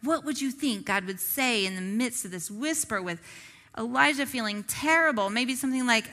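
A woman's voice: fairly high pitch, moderate pace, pushed and bright, in a large hall. A woman giving a conversational Bible teaching. She asks the audience rhetorical questions and often checks in with "right?". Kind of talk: conversational sermon.

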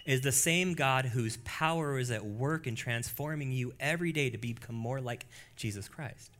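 A man preaching a church sermon with a bright, clear-edged voice. He drops into hushed, low stretches, then climbs into loud, high exclamations. The delivery stays lively and direct with the congregation. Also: moderate pace. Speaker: pastor.

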